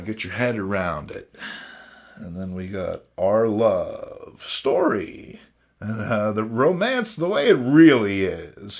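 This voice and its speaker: A man hosting a casual, jokey review of old comics, full of sardonic asides and "you know what I mean.". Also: fairly low pitch. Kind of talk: casual comedic commentary.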